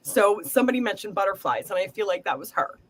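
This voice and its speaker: A woman's voice: medium pitch, animated, fast talker. A middle-aged woman giving an earnest, emotional psychic reading, reassuring and encouraging. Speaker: psychic reader. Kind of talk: live group reading.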